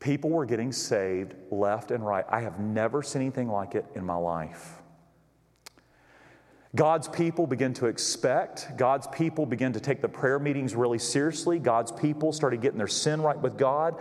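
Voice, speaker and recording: A man's voice: mid-range voice, moderate pace, darkish tone. A male pastor preaching a sermon, telling a story and acting out the people he quotes. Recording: long reverb in a large hall.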